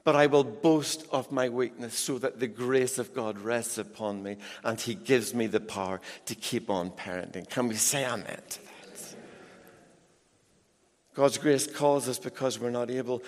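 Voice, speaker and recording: A middle-aged man preaches to his congregation with emphatic, animated delivery and quick asides. He talks at an unhurried, measured pace, his voice sitting in an ordinary middle register. Long reverb from the large church hall trails behind every phrase. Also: medium pitch. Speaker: pastor. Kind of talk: sermon.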